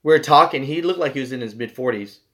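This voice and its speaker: Young man, truck driver, casual storytelling, rambling, swears a lot, filler-heavy, average pitch. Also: fast talker, sharp tone. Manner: rambling, profane, full of "like" and "you know". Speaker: truck driver and channel host.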